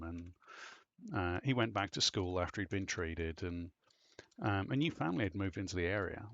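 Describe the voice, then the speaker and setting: A man hosting a podcast, telling a long story in a casual, rambling way and swearing freely. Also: deep voice. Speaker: podcast host. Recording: dull lo-fi voice recording.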